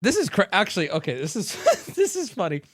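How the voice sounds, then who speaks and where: Brief: male streamer, incredulous ranting, lively pitch, dry close sound. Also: fairly quick, no room sound. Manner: incredulous ranting, swings up loud. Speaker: streamer reacting to clips. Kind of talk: profane reaction commentary.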